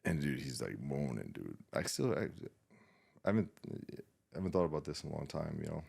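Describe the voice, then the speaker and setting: A man, a veteran guest on a podcast, telling an emotional personal story in a halting, subdued way, with many restarts and fillers and frequent swearing. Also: very deep voice, lively intonation, gravelly, a little mellow, husky.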